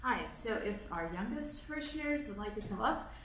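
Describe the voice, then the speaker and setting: A woman reads a silly children's story to kids at a congregation service, laughing playfully and making goofy noises. Her voice is on the high side, expressive and a bit bright at a moderate pace, heard far from the mic in a very echoey meeting room hall with slight background noise.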